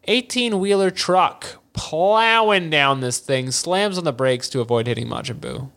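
A man's voice: a little high, expressive, unhurried, gravelly, fairly bright tone. A man co-hosting a podcast, recapping an anime episode in casual comedic chat and slipping into silly voices. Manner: jokey, does silly character voices. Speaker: podcast co-host.

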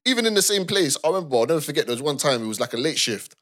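A young man telling a story on a podcast, animated, with many repeated words. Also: on the high side, rapid-fire. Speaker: podcast co-host. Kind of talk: casual chat.

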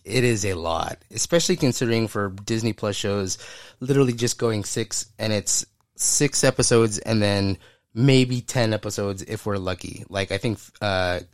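This co-host's voice sits on the low side and moves at a moderate pace, recorded cleanly in a studio with no echo. He's a man on a casual pop-culture podcast, rambling with enthusiasm and laughing a lot.

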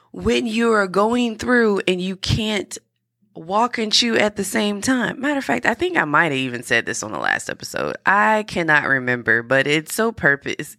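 A woman's voice: medium pitch, vocal fry, fairly bright tone, no echo, studio quality. A woman hosting a podcast, talking through an earnest, encouraging motivational monologue with frequent restarts. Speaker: podcast host.

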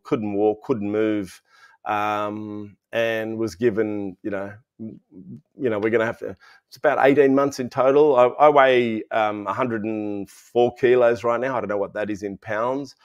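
A man's voice: on the low side, fairly even intonation, unhurried, lo-fi sound. Rambling Australian man in his fifties. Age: 50s. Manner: rambling, frequent restarts and fillers. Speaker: interview guest. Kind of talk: casual interview storytelling.

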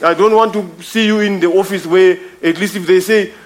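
A man's voice: sits high, steady tone, moderate pace. A man preaching a sermon, emphatic and repetitive, calling his listeners brother. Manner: emphatic, repeats phrases, addresses listeners as brother.

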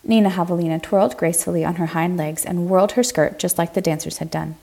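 A woman narrating a children's story podcast gently, speaking to young listeners. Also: fairly low pitch, steady tone, fast talker, vocal fry.

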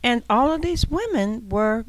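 A woman co-hosting a casual radio show, blunt and quick to shoot things down. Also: on the high side, expressive, no room sound. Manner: blunt, quick to refuse, laughs often. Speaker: radio co-host.

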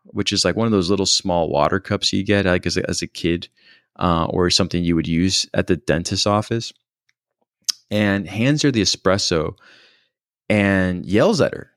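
Telling a personal story, this man has a very low, gravelly, fry-heavy voice with a steady, fairly bright tone. His delivery is thoughtful but hesitant, with frequent pauses and restarts, recorded dry and close without echo.

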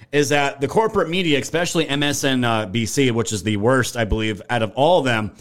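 A man's voice: mid-range voice, fairly bright tone. A man hosting a political live stream, ranting in a heated, profane way and thanking viewers in chat. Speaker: livestream political commentary host.

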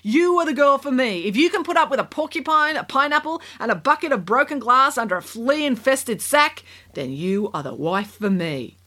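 A spoiled storybook prince whines and protests in a pitched-up, animated voice, as a woman reads him aloud. He sounds entitled and quick to take offence. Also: full character voice. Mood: indignant. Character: whiny entitled young prince.

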